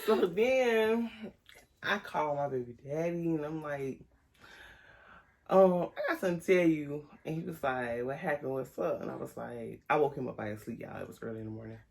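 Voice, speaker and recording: A young woman, chatting casually on a vlog and acting out the people in her story with high, lively voices. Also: moderate pace, vocal fry, pauses often. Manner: animated storytelling, acts out quotes in high voices. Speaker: vlogger.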